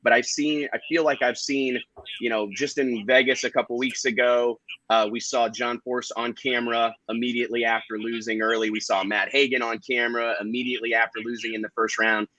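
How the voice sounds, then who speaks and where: A man's voice: mid-range voice, flat delivery, a little fast, pushed and bright, no echo, poor audio. A man hosting a casual live-stream chat, talking loosely with fillers. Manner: chatty, hesitant with fillers. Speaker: livestream host.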